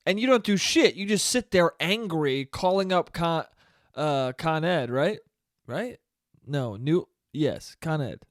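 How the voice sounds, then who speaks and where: A man's voice: fairly high pitch, lively intonation, measured pace, no echo, clean studio sound. A young man hosting a solo podcast, ranting in a profane, self-mocking way and mimicking whiny complaints. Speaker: podcast host. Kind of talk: solo comedic rant.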